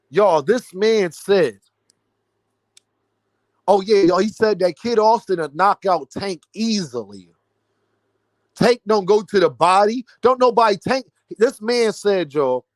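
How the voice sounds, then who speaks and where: A man's voice: sits high, dry recording. A man ranting about boxing to his viewers, mocking and incredulous. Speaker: boxing commentary vlogger. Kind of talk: animated boxing rant.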